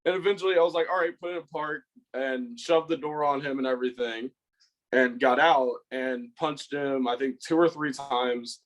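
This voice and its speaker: A man's voice: medium pitch, steady tone, normal speed, rough recording. Man telling a rambling road story. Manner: rambling, swears a lot, acts out his own lines. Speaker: podcast co-host. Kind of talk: casual storytelling.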